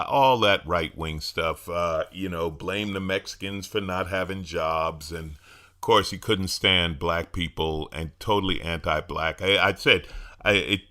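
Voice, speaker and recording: A middle-aged man with a very low voice hosts a solo podcast from his home. His tone is bright and forward, and his delivery is wry and chatty, with restarts as he works into each thought. It sounds like a relaxed talk-show monologue. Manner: wry, conversational, repeats words when starting sentences. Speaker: podcast host, comedian. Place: at home with his dog nearby.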